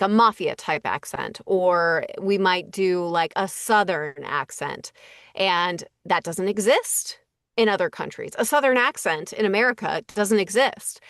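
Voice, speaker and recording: A woman's voice: lowish voice, dry recording, studio quality. A woman who works as a voice director and casting associate, talking casually in an interview and thinking aloud with lots of fillers. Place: Los Angeles.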